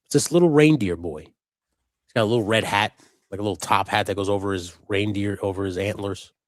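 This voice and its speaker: This man, co-hosting a live customizing stream, has a fairly low voice and talks fairly quickly. His casual chat is rambling and profane, drifting from one subject to another, captured in a dry recording.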